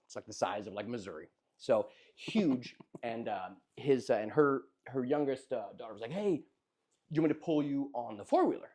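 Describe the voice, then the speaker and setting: A young man telling a funny story in casual chat, animated and often laughing as he acts out what people said. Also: medium pitch, fairly quick. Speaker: podcast host telling a story.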